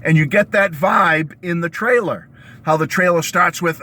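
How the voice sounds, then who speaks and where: A man hosting his own video channel, with a hoarse, worn-out voice, ranting excitedly about a new release and calling his viewers "folks" again and again. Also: fairly high pitch, moderate pace. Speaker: YouTube host reviewing music releases. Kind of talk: enthusiastic vlog rant. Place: home basement studio.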